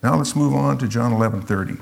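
A man's voice: medium pitch, fast talker, creaky. A man teaching through a Bible passage verse by verse, reflective and explanatory, sometimes acting out the quotes.

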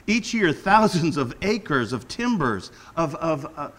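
A middle-aged man preaching a casual sermon, earnest and animated, slowing down to stress key words. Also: on the high side, low-quality recording. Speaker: pastor.

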